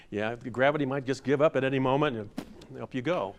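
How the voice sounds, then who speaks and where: A playful older man with a mid-range voice leads a movement workshop as a masterclass presenter, speaking at a normal pace before a live audience in a room with slight background noise. He demonstrates, runs audience exercises, and hams up overblown theatrical lines.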